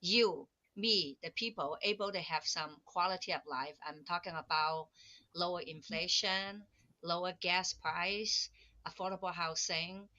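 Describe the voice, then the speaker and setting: A woman host talks politics earnestly, pausing and restarting with fillers. Her fairly low voice has a bright, forceful edge, and the sound is dull and lo-fi. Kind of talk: political talk.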